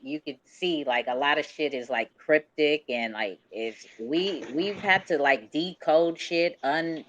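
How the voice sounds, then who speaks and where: Brief: relaxed man hosting a call chat, cusses, laughs a lot, muffled lo-fi audio. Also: fairly high pitch, no room sound. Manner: laid-back, profane, laughs often. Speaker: host.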